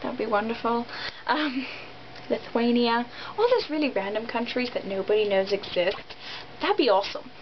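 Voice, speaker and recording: A woman's voice: a little high, moderate pace. Chatty young American woman vlogger. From United States. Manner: rambling, giggly, many ums and likes. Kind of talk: casual chat to camera. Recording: dull lo-fi sound with faint noise.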